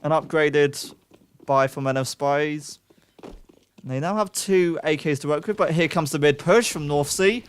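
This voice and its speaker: A young man giving live play-by-play esports commentary, excitable, with self-mocking asides to chat. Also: on the high side, a little slow, clean tone. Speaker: esports caster.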